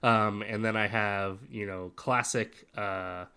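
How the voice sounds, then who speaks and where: A man's voice: on the low side, steady tone, slow pace, bright, forceful tone, smooth. A man co-hosting a podcast in casual chat, explaining game-master advice at length.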